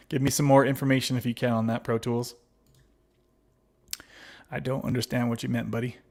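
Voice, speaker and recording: A man's voice: medium pitch, level tone, normal speed, creaky, darkish tone. Laid-back man reading livestream chat. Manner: laughs often, reads chat aloud and replies; friendly, calls viewers babies and buddy. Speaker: livestream host.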